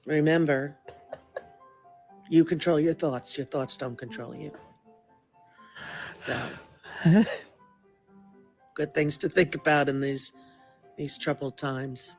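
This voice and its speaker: A man rambling in a halting home video monologue, often clearing his throat. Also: fairly high pitch, fairly even intonation, soft background music.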